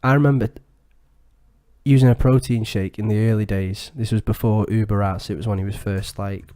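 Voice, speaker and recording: A young man in his twenties, co-hosting a podcast and telling a crude story in casual, animated chat full of swearing. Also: on the low side, fairly quick. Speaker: podcast co-host.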